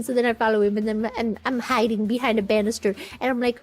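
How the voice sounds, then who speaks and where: A woman's voice: on the high side, fairly even intonation, quick pace, few pauses. A woman streamer telling a story in a casual, rambling way, often giggling and restarting her sentences.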